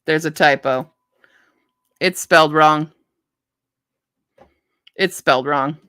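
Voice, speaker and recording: A woman's voice: sits low, slow, smooth, dry recording, studio quality. A tired woman chatting casually on a live stream about books she might read. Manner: chatty, animated, talks to her puppy in a soft baby voice. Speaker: book reviewer streaming live.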